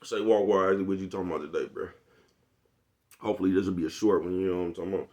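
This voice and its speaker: Brief: streetwise Oakland man vlogging to his camera, low voice, rambling, profane. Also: fairly even intonation, rapid-fire, a little mellow. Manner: streetwise, profane, rambling, constantly asks "you know what I'm talking about?". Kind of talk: casual monologue to camera.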